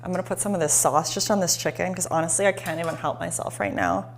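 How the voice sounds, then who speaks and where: A woman hosting a live-streamed cooking demo in a home kitchen, chatty and excitable, talking straight to her viewers. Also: on the low side, fast talker, vocal fry. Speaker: cooking show host.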